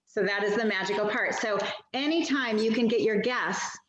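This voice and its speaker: A woman's voice: mid-range voice, moderate pace, a bit bright, slight background noise. A woman, a stylist training other sellers, giving a casual, chatty product demo full of self-deprecating asides. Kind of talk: casual instructional demo on a video call. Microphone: video call mic. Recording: dull, roomy video call audio.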